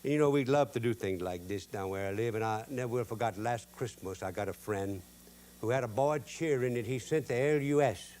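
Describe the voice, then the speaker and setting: A man's voice: medium pitch, brisk, a little mellow, a little hiss or hum. A man with a Cajun accent hosting a cooking show, drawling and joking in homespun, broken-grammar talk. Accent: Cajun English. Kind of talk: folksy cooking demonstration with jokes.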